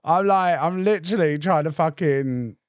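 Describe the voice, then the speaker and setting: A man's voice: a little high, normal speed, clean tone, no echo, highs cut off. A man hosting a livestream, chatting and reacting to clips in a chatty, sweary way. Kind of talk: casual chat.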